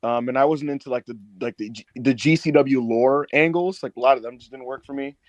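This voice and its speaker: A man co-hosting a casual wrestling podcast, telling a long story with lots of swearing and high mock voices for the people in it. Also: brisk, no room sound. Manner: animated storyteller, swears a lot, acts out others in high put-on voices. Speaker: podcast co-host.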